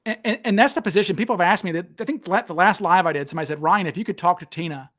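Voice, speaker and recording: A man with a high voice hosts a relaxed talk show. He tells stories eagerly and jumps into other people's voices when he quotes them. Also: racing. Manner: animated, acts out quotes with raised voice. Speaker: podcast host. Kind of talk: casual storytelling chat.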